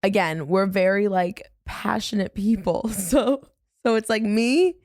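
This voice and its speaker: A woman hosting a podcast, telling a story in casual chat, animated and full of "like"s, getting loud at the punchlines. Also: mid-range voice, unhurried, dry recording, clean studio sound. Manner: animated, swings loud when retelling; filler-heavy, says "like" often. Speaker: podcast host.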